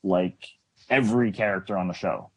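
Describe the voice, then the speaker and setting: A man co-hosting a casual TV discussion, animated and talkative. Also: deep voice, moderate pace, slight background noise. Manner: animated, does mocking voices when quoting. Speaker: podcast co-host.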